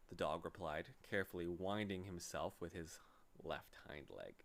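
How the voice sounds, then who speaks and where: A man reading a children's book aloud as narrator, in an expressive, animated way. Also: low-pitched, normal speed, gravelly. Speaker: reader.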